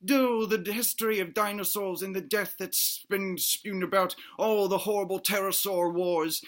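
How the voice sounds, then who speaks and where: A man's voice: high-pitched, fairly even intonation, moderate pace. A man cooing as a soothing mother dinosaur. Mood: gloomy. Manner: cooing, gentle, lulling.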